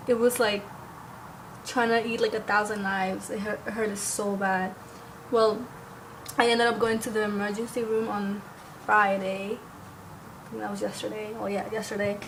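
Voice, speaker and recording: A young woman vlogger with a medium-pitched voice tells a story to the camera against a noisy background. Her delivery is casual and rambling, packed with "like" and the occasional curse word.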